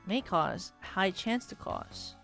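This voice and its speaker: Young adult woman, casual game streamer, mid pitch, reads on-screen text aloud, laughs and swears easily, soft music behind. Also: lively intonation, slow pace, gravelly. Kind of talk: casual gameplay commentary.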